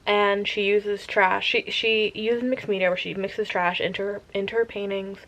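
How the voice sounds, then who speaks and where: A young woman who vlogs about reading chats casually about a book she's in the middle of, gushing and rambling. Her medium-pitched voice is creaky and sometimes drops to a whisper.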